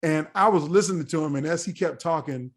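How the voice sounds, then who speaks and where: A man in his forties, a podcast guest telling a story in a casual, animated way and acting out the dialogue. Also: fairly high pitch, fairly quick. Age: 40s. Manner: animated, acts out quoted dialogue.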